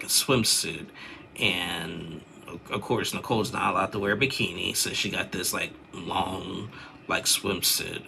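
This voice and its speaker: A man's voice: low-pitched, creaky, pushed and bright, slight background noise. A young man chatting casually as he recaps a reality show, rambling with lots of fillers and restarts.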